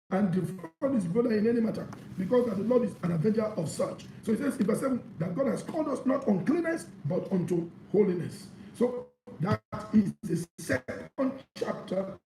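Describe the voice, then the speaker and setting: A man preaching a sermon, reading scripture aloud and explaining it with animated emphasis. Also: high voice, normal speed, distant mic, soft background music. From Nigeria. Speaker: pastor. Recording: echoey room.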